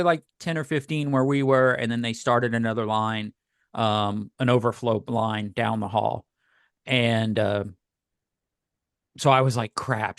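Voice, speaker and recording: A man's voice: mid-range voice, no room sound, clean studio sound. Emotional middle-aged male podcast co-host. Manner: emotional, rambling storyteller. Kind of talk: casual chat.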